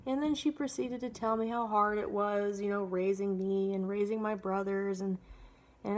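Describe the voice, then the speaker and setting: A woman's voice: medium pitch, fairly even intonation, moderate pace. A woman in her twenties telling a personal story to camera, blunt and candid, swearing freely and rambling with lots of fillers. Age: 20s. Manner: rambling, heavy use of filler "like". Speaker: vlogger.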